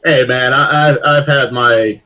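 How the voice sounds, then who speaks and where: A man's voice: medium pitch, fairly even intonation, unhurried, sharp tone, poor audio. A young man co-hosting a casual podcast, blunt and profane, reacting to the news with disbelief. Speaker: podcast co-host. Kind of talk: casual chat.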